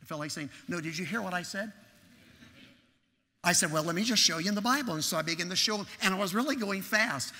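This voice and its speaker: A man's voice: high voice, fast talker, bright, forceful tone. A man preaching a sermon in church, telling a story and acting out its dialogue with animation. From Texas. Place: large church sanctuary. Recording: long hall reverb.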